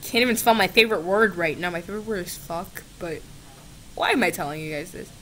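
Her voice is on the low side and a bit bright, her delivery brisk, with slight noise behind her. At her laptop at home, this young woman who makes gaming videos jokes with a chatbot on camera, mock-exasperated, giggly, sarcastic and often profane.

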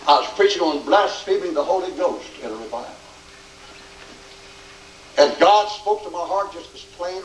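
Fervent high-voiced male revival preacher. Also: slight background noise. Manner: fervent, swings from shouting to hushed. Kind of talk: revival tent sermon. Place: large tent meeting. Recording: echoey, distant, faint ambience.

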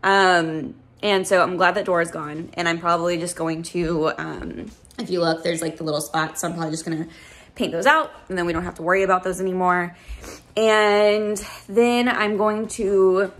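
A woman's voice: lowish voice, a little hiss or hum. A young woman chatting casually in a home vlog, rambling with fillers as she talks through moving into a house. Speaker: vlogger. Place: house being moved into.

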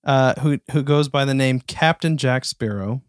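A man's voice: medium pitch, moderate pace, dry recording, clean studio sound. A man from Florida co-hosting a podcast, telling news stories in a hesitant, filler-heavy way. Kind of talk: casual chat.

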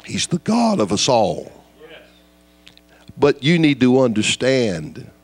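A man preaching a fiery evangelistic sermon, dropping to low intensity then rising to loud, high shouts. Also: huge pitch swings, slow pace.

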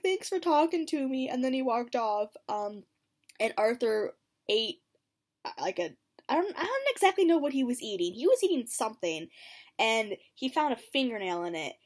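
A woman recapping a TV episode in casual chat, with lots of ums and likes, giggling and putting on livelier voices for quotes. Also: medium pitch. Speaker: reaction video host.

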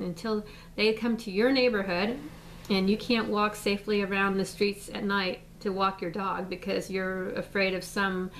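A woman's voice: mid-range voice, distant mic, slight background noise, rough recording. An American woman, a mother, speaking out in a rambling casual statement full of fillers and restarts. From United States.

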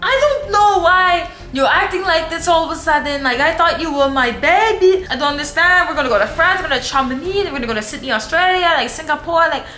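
A woman's voice: extremely high pitch, brisk, hardly any pauses, pushed and bright, voice pushed up. A woman voicing a whiny, entitled rich man who pleads and pouts. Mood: whiny, hurt. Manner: whining, pleading. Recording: echoey room, faint music.

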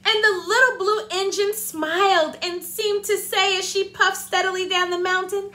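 A woman teacher reading a storybook aloud to children, animated and stopping to ask them questions. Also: very high-pitched, normal speed, few pauses. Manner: animated, asks the listeners questions.

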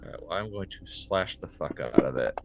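A man playing an online tabletop game, energetic and playful, declaring his attacks with gusto and the odd swear. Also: low-pitched, a little fast, vocal fry, noisy background. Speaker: player.

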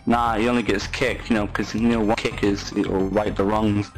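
A man's voice: on the low side, level tone, moderate pace, music in the background, poor audio. Exasperated man scolding in game chat. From London. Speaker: player in online game voice chat.

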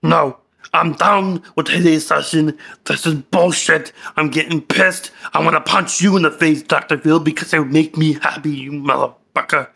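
A man's voice: on the high side, steady tone, moderate pace, vocal fry, sharp tone, breathy edge, exaggerated voice. A man playing a hot-tempered young man in a comedy skit, cursing and insulting his therapist.

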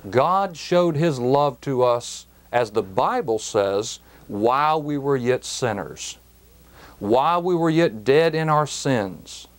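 A man teaching a Bible verse on a broadcast program, deliberate and emphatic, dwelling on key words. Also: medium pitch, expressive.

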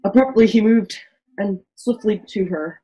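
A woman narrates an amateur virtual stage play melodramatically, frequently stumbling and starting lines over. Her voice is medium in pitch and dark in tone, her pace measured, and the recording is rough.

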